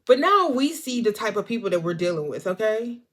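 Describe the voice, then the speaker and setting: A woman casually recapping a film's plot for a vlog, animated and acting out the characters' lines. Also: medium pitch, a little fast. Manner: animated storyteller, acts out the characters. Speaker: movie reviewer.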